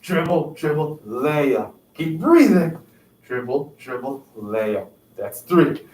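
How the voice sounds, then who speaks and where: Yoga instructor, lively pitch, slow unhurried counting, echoey room, distant mic, faint background noise. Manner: counting out reps, upbeat encouragement. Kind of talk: guided exercise class.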